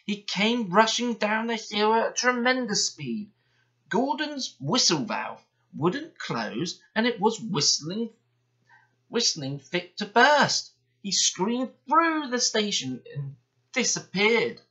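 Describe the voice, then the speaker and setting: A man reading a children's bedtime story aloud in a gentle, expressive way. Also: sits high, slow. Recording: dull lo-fi sound.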